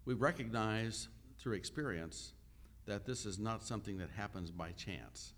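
Man, low voice, sermon, conversational teaching, frequent "uh" pauses. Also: lively intonation, a bit bright. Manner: conversational, asks the listeners questions. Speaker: pastor.

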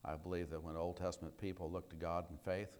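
A man's voice: sits low, level tone, fast talker, a little mellow. A middle-aged man teaching a casual Bible lesson from slides, in a folksy, conversational way, acting out sarcastic quotes now and then.

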